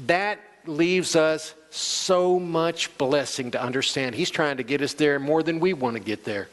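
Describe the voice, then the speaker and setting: A man's voice: on the high side, very animated, a little slow. A male pastor preaching a sermon, calling out to the congregation and acting out quoted voices. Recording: long church hall reverb.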